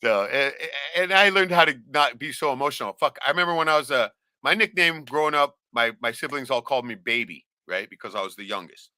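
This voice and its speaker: A man's voice: mid-range voice, animated, fast, few pauses, bright, forceful tone, no echo. A man telling stories in casual chat, bluntly and with constant swearing. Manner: swears constantly, blunt storytelling with lots of "right?".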